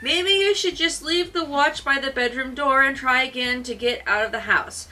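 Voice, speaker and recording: A woman co-hosting a podcast, reading a gamebook aloud in an animated way. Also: high voice, moderate pace, distant mic. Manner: animated storytelling. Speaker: podcast co-host.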